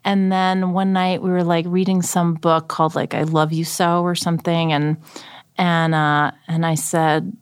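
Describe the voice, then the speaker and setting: A woman in her thirties chatting as a podcast guest, halting and rambling with many fillers. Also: fairly low pitch, little pitch movement, smooth, no echo, studio quality. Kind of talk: casual chat.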